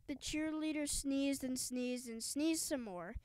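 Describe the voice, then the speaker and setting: A woman's voice: sits high, unhurried, darkish tone, rough recording. A woman reading a children's book aloud in an emphatic storytelling lilt, now and then stumbling and restarting words. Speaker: audiobook reader.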